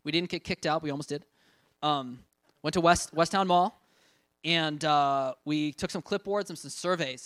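A young man giving a casual talk about evangelism training over slides, full of fillers and quick laughs as he acts out little quotes. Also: a little high, fairly even intonation, fairly bright tone, dry recording, studio quality. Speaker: ministry trainer presenting.

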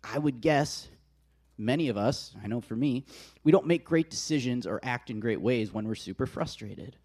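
Male preacher, casual and animated, mid-pitched, relaxed conversational sermon. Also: moderate pace.

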